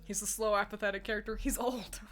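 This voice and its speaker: A woman's voice: on the high side, fairly bright tone. Giggly young woman streamer. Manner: giggly, laughs often, talks to chat. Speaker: streamer ranking characters. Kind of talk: casual chat.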